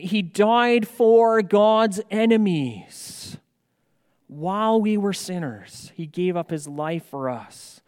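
Man, pastor, sermon, slow measured delivery, fairly high voice, long hall reverb. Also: smooth. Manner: slow, measured preaching with emphatic rises.

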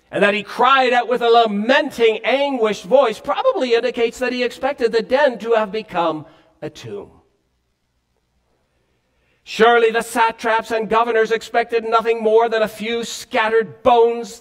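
A man with a high voice preaches a sermon. He delivers it earnestly, climbing on emphatic points and dropping low on solemn ones. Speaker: pastor.

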